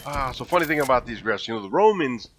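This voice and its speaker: A man's voice: medium pitch, expressive, fast talker, background noise, natural voice. A young man imitating a rambling middle-aged male math teacher who lectures in a droning voice full of vague filler.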